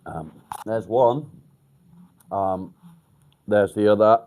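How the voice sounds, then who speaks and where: An English man hosting a casual livestream, chatting bluntly with viewers, swearing freely and filling pauses with ums. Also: on the low side, darkish tone. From England. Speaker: livestream host. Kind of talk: casual live chat with viewers. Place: outdoors by a field.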